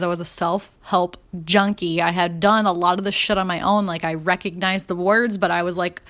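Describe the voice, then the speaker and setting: Casting note: young adult woman, low-pitched voice, candid storyteller who swears and acts out her inner voice. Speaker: podcast host and coach. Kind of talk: casual personal storytelling.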